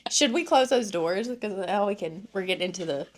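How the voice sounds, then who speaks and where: A woman's voice: mid-range voice, fairly quick. A woman in her thirties co-hosting a podcast, chatting casually and telling family stories with lots of acted-out quotes and cursing. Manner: animated storytelling, acts out quotes, swears freely. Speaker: podcast co-host. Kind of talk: casual chat.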